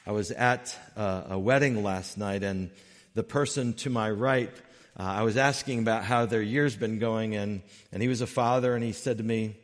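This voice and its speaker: A man preaching a sermon as pastor, earnest, rising loud on key points and dropping soft and slow when moved. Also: fairly low pitch. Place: church sanctuary. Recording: long hall reverb with faint music.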